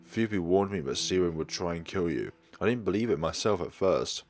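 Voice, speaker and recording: A calm, caring young companion in a horror game, read by a man. He talks gently and earnestly in a very deep voice, with faint music in the background. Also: normal speed.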